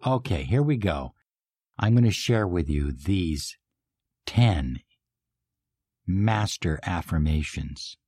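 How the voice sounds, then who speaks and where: A low-pitched man coaching listeners through affirmations at an unhurried pace. He moves from emphatic bursts to hushed, drawn-out phrases. The sound is dry and close, with no room around it. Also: animated, husky, dry recording. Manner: emphatic, swings from pumped-up to soft and slow. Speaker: life coach. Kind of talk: motivational affirmation talk.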